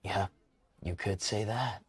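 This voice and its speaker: A man voicing a gruff, friendly old male traveler in a video game, speaking low and unhurried. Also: exaggerated voice. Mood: mellow friendly.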